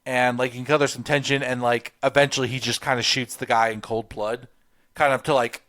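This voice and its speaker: A man's voice: mid-range voice, level tone, brisk, a bit bright. A man co-hosting a podcast, walking through a movie scene step by step and quoting the characters. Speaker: podcast co-host. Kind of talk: casual film review chat.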